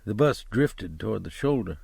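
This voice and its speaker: A man narrating a crime novel audiobook in a steady, measured, descriptive reading. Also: on the low side, creaky, breathy edge, dry recording.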